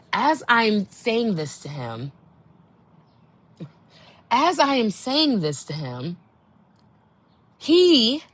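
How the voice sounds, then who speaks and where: A young woman hosting a podcast, telling a candid story in a blunt, exasperated way, dropping to low murmurs and jumping to high outbursts. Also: a bit bright, no room sound. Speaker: podcast host.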